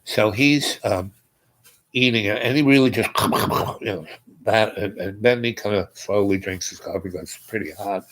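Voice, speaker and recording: A man hosting a show, telling a long personal story in a meandering, halting way and acting out the dialogue. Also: lowish voice, rough recording. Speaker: host.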